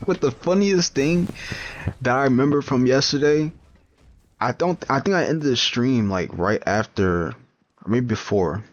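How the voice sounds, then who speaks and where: A young man talking loosely over a game, his voice sitting a little low. He rambles, laughs at his own story and restarts his sentences. The recording is dull and lo-fi, like a cheap home mic. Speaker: comics vlogger. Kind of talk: casual rambling chat while gaming.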